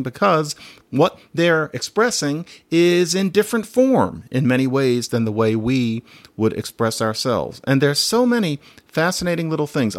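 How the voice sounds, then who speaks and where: A man's voice: mid-range voice, no echo. A man hosting a solo podcast, talking in a chatty, digressive way and laughing now and then. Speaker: podcast host.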